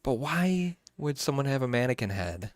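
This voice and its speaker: A man's voice: medium pitch, sing-song, moderate pace. A man co-hosting a casual podcast, easygoing, laughing often and dropping in short reactions. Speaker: podcast co-host. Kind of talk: casual chat.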